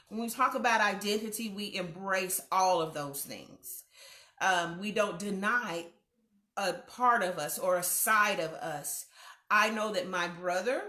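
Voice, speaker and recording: A middle-aged woman hosting a mentoring livestream from home, telling stories and acting out quoted voices with laughs. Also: mid-range voice. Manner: animated storyteller, acts out quoted voices with laughs. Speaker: host of a youth mentoring livestream. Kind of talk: casual livestream talk. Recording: echoey home room.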